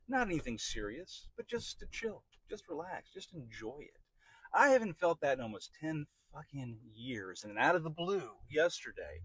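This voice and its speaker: A man's voice: on the high side, big pitch swings, moderate pace, fairly bright tone, slightly rough, dry recording, rough recording. A middle-aged man hosting a podcast, talking through a candid personal monologue in a rambling, repetitive way with frequent swearing. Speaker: podcast host.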